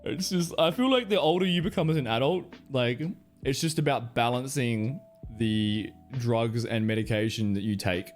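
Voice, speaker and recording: An Australian man chatting casually and profanely with his live stream audience, rambling into animated stories. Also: medium pitch, normal speed, faint music behind.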